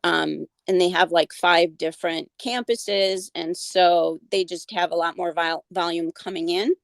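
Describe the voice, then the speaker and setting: Earnest woman with a gravelly edge. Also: on the low side, fairly even intonation, unhurried, no room sound. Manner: earnest, many fillers and restarts. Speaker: guest, animal advocate. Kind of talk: casual interview conversation.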